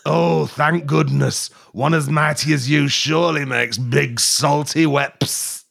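A man's voice: fairly high pitch, steady tone, takes it slowly, vocal fry, fairly bright tone, full character voice. A man voicing a parched, self-pitying man who begs for water in mournful, theatrical, mock-archaic speech, improvised for comedy. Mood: woeful, pleading. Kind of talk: comedic improvised voice acting on a podcast.

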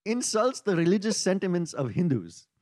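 Mock-solemn Indian protest leader with a higher voice and a dry, close sound, as a podcast man puts him on. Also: sing-song, measured pace, darkish tone, no room sound. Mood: mock-indignant.

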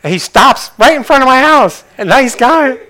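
An older man preaching a sermon in a conversational way, asking the congregation questions and swinging between loud bursts and soft, quiet passages. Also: very high-pitched, expressive, normal speed. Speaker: pastor.

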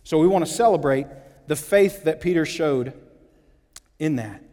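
A man preaching a sermon in a church, lively and acting out the quotes with big swings in pitch and loudness. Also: a little slow. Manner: animated, acts out quotes with shifting pitch and volume. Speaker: pastor. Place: church sanctuary. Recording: long hall reverb.

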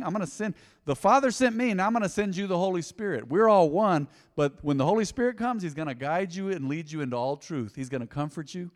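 A middle-aged man preaching a sermon in a church, passionate and emotional, swinging between loud excitement and quiet, earnest talk. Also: mid-range voice. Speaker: pastor. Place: church sanctuary. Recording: long hall reverb.

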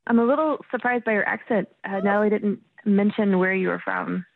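A woman's voice: mid-range voice, brisk, vocal fry, no room sound. A woman taking an unexpected phone call, polite but flustered and incredulous. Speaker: prank call target. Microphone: phone line. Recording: dull phone line.

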